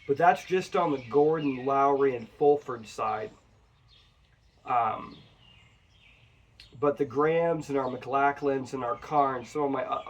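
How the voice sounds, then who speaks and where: A man's voice: medium pitch, a little hiss or hum. A man talking to his viewers in a rambling, chatty whiskey review. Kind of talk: casual review vlog. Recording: voice a bit far from the mic.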